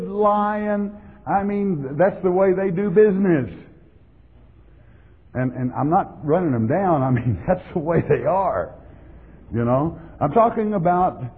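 Slow, husky preacher in a hall. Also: male voice, medium pitch. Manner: emphatic, repeats words for stress. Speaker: pastor. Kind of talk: sermon. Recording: tinny lo-fi sound in a reverberant hall.

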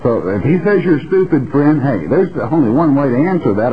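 A man's voice: medium pitch, sing-song, moderate pace, a loud crowd. Folksy, emphatic male Bible teacher. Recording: dull lo-fi broadcast audio.

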